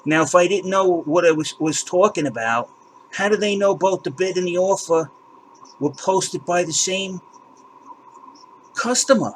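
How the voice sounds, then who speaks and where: A man's voice: sits high, unhurried, pauses often, a little hiss or hum, rough recording. A man hosting a channel, ranting with indignation and exasperation, swearing and repeating words as he walks viewers through his screen. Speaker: crypto channel host.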